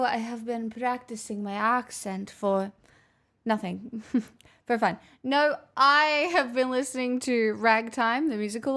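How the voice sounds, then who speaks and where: A young woman hosts a casual live stream from home, her voice sitting high as she teases her viewers and calls them her darlings. She takes her time, drawling out lines and dropping in a casual swear. Faint music plays underneath. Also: fairly bright tone. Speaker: livestream host chatting with viewers.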